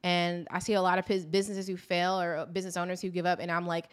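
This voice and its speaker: A woman's voice: fairly low pitch, little pitch movement, quick pace, few pauses, smooth. A woman who runs her own business, a guest in a podcast interview, talking earnestly and often repeating words and laughing. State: tearful, emotional. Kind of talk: casual interview conversation.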